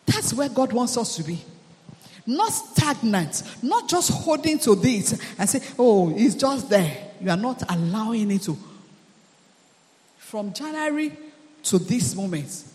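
A male pastor with a high voice delivers an emphatic sermon, piling phrases into rhythmic, repeated lists. His voice rings through a church hall with a long reverberant tail. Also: very animated, unhurried. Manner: emphatic preaching with repetitive, building cadence.

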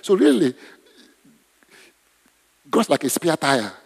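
A man's voice: fairly high pitch, wildly swooping pitch, takes it slowly, vocal fry, husky. A man preaching a conversational sermon in a church, often asking the congregation questions. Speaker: pastor. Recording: long hall reverb.

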